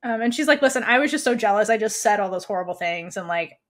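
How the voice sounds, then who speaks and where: A woman with a mid-range, expressive voice talks fast while co-hosting a podcast. She chats casually, recapping a series scene by scene, acting out the characters' lines and laughing often.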